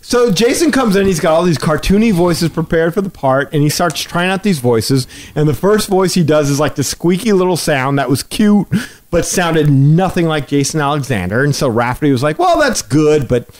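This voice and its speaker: A man's voice: a little high, normal speed. A man hosting a podcast, telling a story in casual chat and acting out the quotes with energy. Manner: animated storyteller, acts out quotes. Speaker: podcast host.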